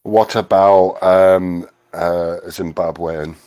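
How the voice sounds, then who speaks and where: A man's voice: deep voice, little pitch movement, slow, mellow, clear, resonant tone. A man hosting a casual live group chat, teasing and making playful requests.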